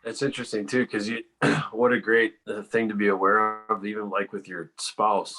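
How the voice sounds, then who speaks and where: Deep-voiced male host, rambling. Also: little pitch movement, normal speed. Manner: rambling, hedging, restarts. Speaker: podcast host. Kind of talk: casual chat.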